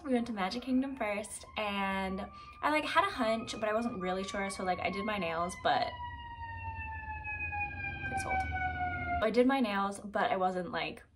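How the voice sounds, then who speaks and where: A woman's voice: medium pitch, slight background noise. Chatty young woman vlogger, lots of "like". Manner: chatty, animated, heavy use of "like". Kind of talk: casual storytelling to camera.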